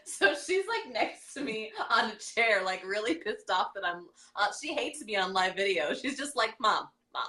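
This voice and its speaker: A woman's voice: medium pitch, expressive, moderate pace, hardly any pauses, bright, forceful tone, roomy sound. A woman co-hosting a podcast from home over a live video call, giggly and casually profane. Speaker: podcast co-host. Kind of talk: casual chat.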